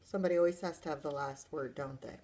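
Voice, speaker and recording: A woman's voice: deep voice, steady tone, quick pace, dark tone, a little hiss or hum. A librarian reading a picture book aloud to children, adding chatty asides to her listeners.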